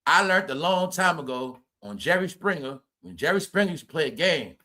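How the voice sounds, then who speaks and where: Loud mocking man ranting, bright voice. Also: fairly high pitch, lively intonation, a little fast. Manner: loud, mocking, laughs at his own jokes; repeats phrases for emphasis. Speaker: commentary channel host. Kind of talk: profane gossip commentary.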